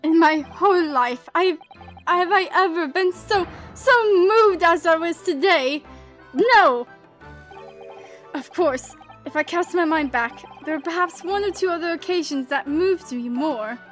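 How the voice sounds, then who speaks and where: A woman's voice: very high-pitched, measured pace, fairly bright tone, soft background music. A woman voicing a melodramatic, gloomy young male writer with theatrical, despairing outbursts in a game. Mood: gushing.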